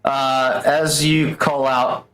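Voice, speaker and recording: A man's voice: mid-range voice, little pitch movement, extremely slow, fairly bright tone. A man narrating as game master of a tabletop role-play, loose and casual with lots of fillers.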